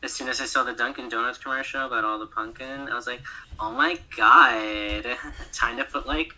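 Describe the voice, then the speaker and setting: A male voice actor talks on a podcast in a very bright, forward voice at a middling pitch. He chats loosely and often laughs, filling his speech with "like" and acting out little quoted thoughts. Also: level tone, fast talker, low-quality recording. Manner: chatty, laughs often, fills with "like". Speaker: guest voice actor. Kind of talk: casual podcast chat.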